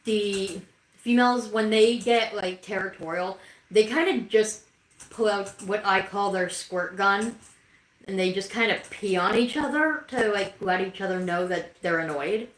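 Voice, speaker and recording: A woman's voice: medium pitch, a little slow, echoey room, low-quality recording. A woman hosting a casual livestream, chatting with viewers and talking to her pets. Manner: chatty, reads viewer comments aloud, talks to her pets. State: has the hiccups. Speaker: livestream host.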